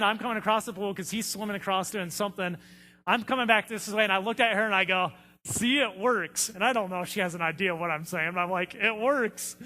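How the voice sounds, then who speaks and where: A man's voice: high voice, pushed and bright, long reverb tail, a little hiss or hum. A man preaching a sermon as a pastor, telling stories in a conversational way with frequent fillers. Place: church sanctuary.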